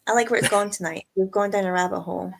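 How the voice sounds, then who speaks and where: A Scottish woman co-hosting a casual whisky chat, chatty and self-mocking, laughing often, with a squeaky voice. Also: steady tone, quick pace, gravelly. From Scotland. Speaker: whisky shop co-host.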